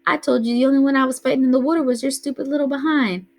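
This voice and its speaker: A woman's voice: high voice, fairly even intonation, very fast, darkish tone, voice pushed up, poor audio. A woman reading aloud voices a tough, bossy teenage older brother who scolds in a streetwise way. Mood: scolding.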